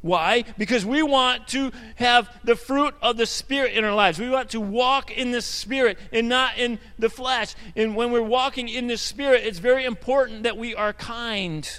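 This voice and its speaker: A male pastor with a notably high voice delivers a sermon in an easy, conversational way, stumbling over repeated words and throwing in asides. His voice rings out with the long reverb of a church sanctuary. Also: moderate pace, hardly any pauses, pushed and bright, clean tone. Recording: hall reverb.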